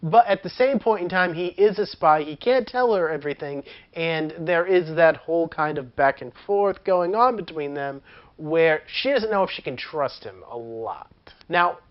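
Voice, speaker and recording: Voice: medium pitch, animated, moderate pace, lo-fi sound. A film reviewer giving a casual, chatty movie review, laughing often and leaning on fillers.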